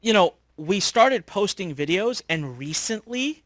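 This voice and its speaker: Lively, animated man telling a story. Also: high voice, unhurried, no room sound, studio quality. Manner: lively, animated, acts out quoted dialogue. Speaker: course host.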